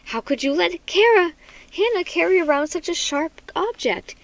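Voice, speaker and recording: A woman's voice: extremely high pitch, sing-song, moderate pace, no echo, voice pushed up, full character voice. A woman voicing a firm, scolding mother in a storybook reading. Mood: stern, upset. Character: stern, weary mother of a young boy.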